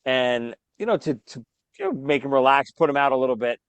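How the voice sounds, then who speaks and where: A man's voice: mid-range voice, a little fast, clean tone, dry recording. A man hosting a podcast in casual chat, telling stories with lots of energy. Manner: animated storyteller, acts out quoted voices. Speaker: podcast host.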